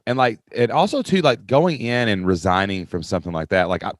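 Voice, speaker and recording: A man with a lowish voice hosting a podcast, recorded dry and close with no room sound. He is enthusiastic, laughs easily, and keeps saying "man" and "dude" as he reacts to his guest. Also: sing-song, fairly quick, dry recording. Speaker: podcast host, former school teacher. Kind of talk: podcast interview, casual chat.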